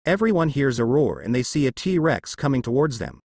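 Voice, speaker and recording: A man's voice: mid-range voice, sing-song, brisk, gravelly, darkish tone, no room sound, studio quality. A man reading a fan fiction story aloud in a plain, matter-of-fact way.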